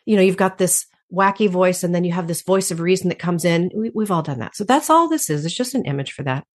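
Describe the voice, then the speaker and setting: A woman's voice: fairly low pitch, lively intonation, fast. A woman guest in an interview, speaking reflectively and laughing often. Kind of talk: conversational interview.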